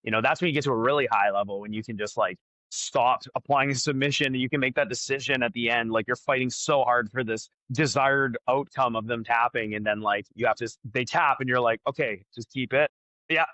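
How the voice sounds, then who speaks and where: A man talks frankly as a podcast guest and works through his opinions aloud, with plenty of fillers and restarts. His voice is bright and forceful. The sound is dry and close. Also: medium pitch, steady tone, a little fast, dry recording, low-quality recording. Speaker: jiu-jitsu black belt and academy owner, guest. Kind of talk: casual podcast conversation.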